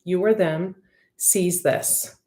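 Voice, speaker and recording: A woman's voice: fairly low pitch, slow pace, dark tone, roomy sound. A woman giving an intuitive tarot reading to her viewers, talking in a heartfelt, rambling way with many fillers. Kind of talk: casual spoken intuitive reading.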